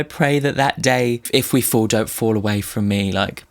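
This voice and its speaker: A man's voice: lowish voice, moderate pace, gravelly. A man hosting a music reaction video, gushing and emotional as he unpacks lyrics in casual commentary. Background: faint music playing.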